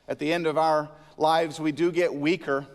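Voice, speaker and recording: At a moderate pace, this male senior pastor moves from scripture into stories, hitting key words with force and adding a joke to his lively sermon. His slightly high voice rings with long church-hall reverb.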